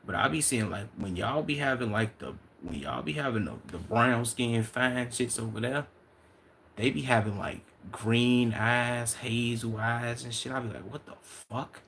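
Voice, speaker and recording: A young man from Chicago, a livestreamer reading out and answering chat in loose, profane, excitable banter. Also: medium pitch, a little slow, vocal fry, a little hiss or hum.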